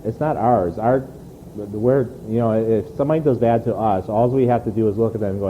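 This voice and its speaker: A man's voice: fairly low pitch, a little fast, highs cut off, a little hiss or hum. A man preaching a sermon in an earnest, conversational way, often repeating words as he restarts. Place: church.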